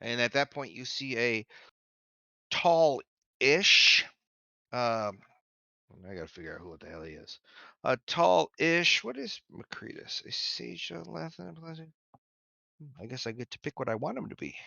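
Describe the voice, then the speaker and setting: A man running a tabletop game, describing scenes off the cuff with plenty of fillers and restarts. His voice is bright and lively in pitch, heard dry over slightly dull, lo-fi stream audio. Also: unhurried, vocal fry, long pauses, no room sound. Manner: animated, improvises descriptions with fillers. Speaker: game master.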